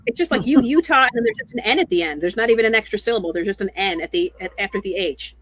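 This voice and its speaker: A woman's voice: medium pitch, expressive, rapid-fire, a bit bright, a little hiss or hum. A woman in a casual chat, explaining things in a matter-of-fact way.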